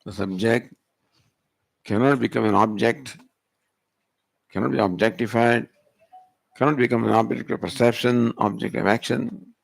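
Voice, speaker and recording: A man's voice: medium pitch, creaky, no room sound. A male spiritual teacher, giving a Vedanta discourse and pressing the listener with rhetorical questions. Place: retreat hall.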